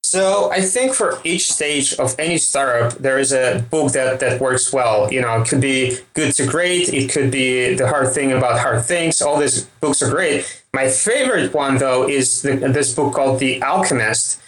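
A man's voice: medium pitch, moderate pace, few pauses, fairly bright tone, roomy sound, poor audio. A man in his thirties with a Russian accent, a startup founder answering interview questions hesitantly, with many fillers. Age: 30s.

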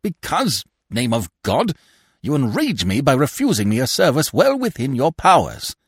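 A man's voice: fairly low pitch, wildly swooping pitch, normal speed, no echo, clean studio sound, full character voice. A man voicing a heavy, sly, leering middle-aged theatre manager who talks in a bluff, wheedling way.

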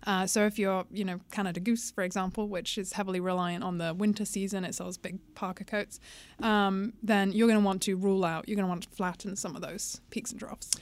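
Brisk British woman explaining. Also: mid-range voice, steady tone, no room sound. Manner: brisk, explanatory, good-humored. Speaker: podcast guest analyst. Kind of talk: casual podcast chat.

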